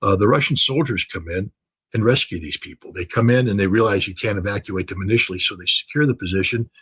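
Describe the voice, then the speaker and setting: A man's voice: fairly low pitch, fast talker, fairly bright tone, slightly rough, low-quality recording. An older man giving impassioned commentary, talking emphatically with many fillers, restarts and repetitions.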